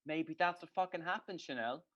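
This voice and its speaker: A man's voice: on the high side, brisk, fairly bright tone. A man co-hosting a casual podcast chat, telling stories in a ranting, sweary way and laughing at himself. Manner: ranting, sweary, laughing at his own story. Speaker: podcast co-host. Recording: dull lo-fi podcast audio.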